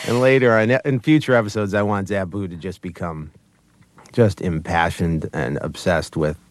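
A man who creates puppet shows, telling stories in a casual interview, animated and often laughing between his words. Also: sits low, dry recording. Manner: animated, laughs often mid-sentence, quick restarts.

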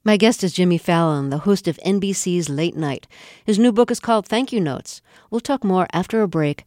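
Calm, deliberate radio interviewer. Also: mid-range voice, dry recording, clean studio sound. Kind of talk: measured interview questions.

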